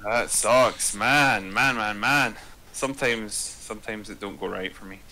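Playing a tabletop game, a man mutters his dice rolls and chats in a relaxed way at a measured pace. His pitch jumps around when he gets excited, and the audio quality is poor.

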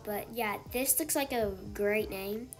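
Excitable woman, slightly high voice, for game commentary with faint music behind. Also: measured pace. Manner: excitable, gasping, many exclamations. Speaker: gaming channel host. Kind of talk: casual gameplay commentary.

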